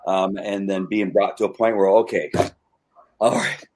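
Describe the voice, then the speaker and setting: A man with a somewhat low voice tells a personal story in casual conversation. He is earnest and halting, restarting his sentences as he goes. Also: fairly even intonation, dark tone. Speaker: podcast host.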